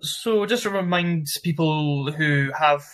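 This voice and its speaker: A man from Scotland with a Glasgow accent, a podcast guest who explains his work as a mindset development practitioner in a measured, articulate way. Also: a little high, a bit bright, low-quality recording. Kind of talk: explaining in an interview.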